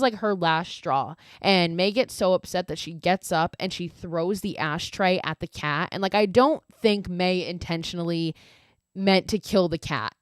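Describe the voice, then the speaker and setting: Podcast host, woman, lowish voice, dry close sound, swears a lot, says like constantly. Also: no echo. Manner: profane, exasperated asides; fillers of "like" throughout. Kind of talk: casual film recap.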